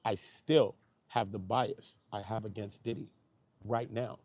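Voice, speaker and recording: A man with a Brooklyn accent, a YouTube commentator in a slangy, emotional monologue, swinging from low, quiet talk to loud, high outbursts and often asking if you hear him. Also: steady tone, a little slow, no echo. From Brooklyn, New York. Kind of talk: emotional casual monologue to camera.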